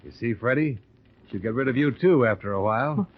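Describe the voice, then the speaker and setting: A man's voice: medium pitch, expressive, brisk. A man playing a hard-boiled detective who also narrates, wry and clipped, in 1940s radio acting. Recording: dull noisy old radio recording.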